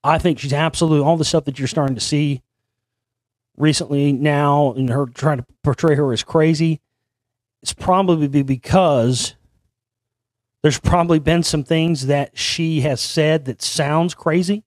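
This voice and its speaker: A man's voice: a little high, steady tone, a little slow, no room sound. Rambling man with a dry close sound. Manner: meandering, conspiratorial, frequent restarts. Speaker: host. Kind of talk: rambling storytelling monologue.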